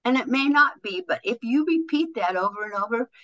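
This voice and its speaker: A woman guest on a podcast, a motivational speaker and author, telling stories in an animated way and acting out quoted voices. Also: on the high side, a little fast, dull audio. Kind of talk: conversational podcast interview.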